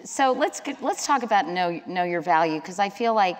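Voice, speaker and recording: A woman's voice: fairly low pitch, lively intonation, normal speed. A middle-aged woman interviewing a guest onstage, conversational with wry asides. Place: large hall with audience. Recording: long hall reverb.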